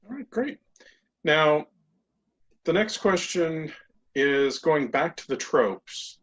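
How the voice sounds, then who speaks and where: A man moderating a panel over a video call, putting his questions together in halting pieces. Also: on the high side, lively intonation, fairly bright tone. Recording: dull lo-fi video call audio.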